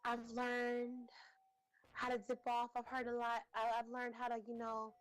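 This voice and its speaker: A woman's voice: fairly high pitch, completely flat delivery, measured pace, clean tone, soft background music, low-quality recording. Woman giving a rambling heartfelt tribute. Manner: rambling, warm-hearted, many fillers. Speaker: roaster.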